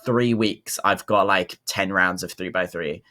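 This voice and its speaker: Brief: young New man, podcast co-host, bright, forceful tone, slightly low voice, chatty. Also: measured pace. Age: young adult. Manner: chatty, upbeat, filler-heavy. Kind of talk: casual podcast chat.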